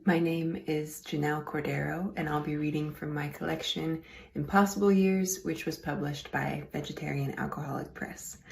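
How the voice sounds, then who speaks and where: Low, gravelly woman reading poetry softly. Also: steady tone. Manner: soft, unhurried reading, drifting into near-whispers. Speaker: poet. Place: live poetry marathon event.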